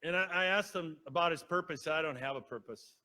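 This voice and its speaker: A man's voice: on the high side, fairly quick, sharp tone. A man giving a conversational sermon, telling a personal story and speaking directly to the congregation. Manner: storytelling, acts out quoted voices, asks the congregation. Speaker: preacher. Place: church sanctuary.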